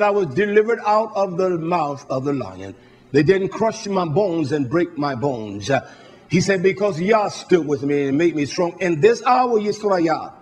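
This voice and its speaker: A man preaching a sermon, fervent and blunt, swinging from quiet asides to shouted peaks. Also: sits high.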